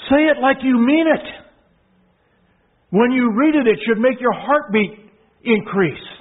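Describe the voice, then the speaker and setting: A man preaching a sermon, emphatic, repeating phrases and swinging from hushed to loud proclaiming. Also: very high voice, unhurried. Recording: tinny phone-like sound.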